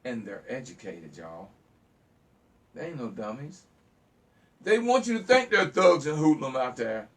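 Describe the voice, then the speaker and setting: A call-in talk show host preaches fiercely to his listeners in an impassioned monologue, repeating phrases and stuttering as he gets worked up. His medium-pitched, darkish voice is very animated but a little slow, with long pauses, and it's recorded from a distance.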